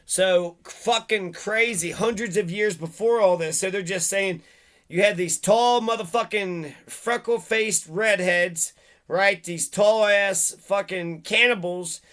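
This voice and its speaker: A man's voice: sits high, slow pace, a bit bright. A man reading local history aloud, stumbling on words, then ranting about it with lots of swearing. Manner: profane, stumbles over words while reading. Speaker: video host.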